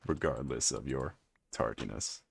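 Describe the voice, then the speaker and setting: A man with an extremely deep, gravelly voice, chatting casually with his live-stream chat while playing a game and teasing viewers. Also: unhurried. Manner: chatty, teasing, reads and answers chat aloud.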